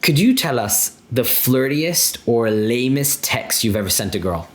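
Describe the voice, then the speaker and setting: A man's voice: medium pitch, animated, unhurried. A man hosting a casual interview, reading out questions and reacting with enthusiastic praise. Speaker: host.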